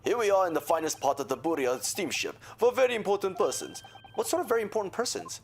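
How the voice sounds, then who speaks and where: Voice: medium pitch, big pitch swings, fast, gravelly, slight background noise. A streamer voicing a proud, rude male Russian sailor in a video game, speaking blunt, broken English with a put-on Russian accent. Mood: haughty.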